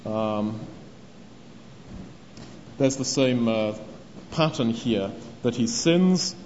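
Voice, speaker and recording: A man's voice: mid-range voice, drawn-out words, a little mellow. A man preaching a sermon, earnest in tone and acting out the speakers he quotes. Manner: earnest, acts out quoted speech. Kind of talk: sermon on a parable. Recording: long hall reverb, dull lo-fi sound, faint noise.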